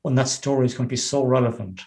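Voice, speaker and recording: Male interview host, middle pitch, measured and reflective. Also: a little mellow. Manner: measured, reflective, asks questions. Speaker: show host. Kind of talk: interview conversation.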